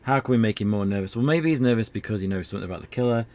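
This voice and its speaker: Low gravelly man rambling over gameplay. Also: very fast, a little mellow, a little hiss or hum. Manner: rambling, self-deprecating, chatty asides. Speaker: streamer. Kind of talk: casual gameplay commentary.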